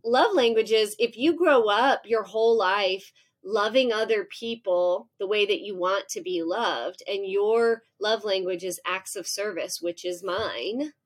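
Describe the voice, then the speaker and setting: A woman in her forties, a professor guest in an interview, telling a lively personal story and acting out her own thoughts. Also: medium pitch, unhurried, few pauses. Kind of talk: conversational interview.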